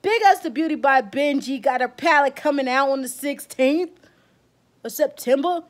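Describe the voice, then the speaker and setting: A woman's voice: high voice, normal speed. Fired-up woman ranting, close to tears. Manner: fired-up, emotional and blunt, with casual slang. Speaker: beauty vlogger. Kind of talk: heated vlog rant.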